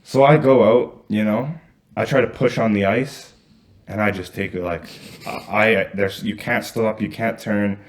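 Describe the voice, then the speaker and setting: A man's voice: on the low side, a little slow. A young man co-hosting a casual sibling podcast, telling jokey stories. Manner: joking, lively storyteller. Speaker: podcast co-host.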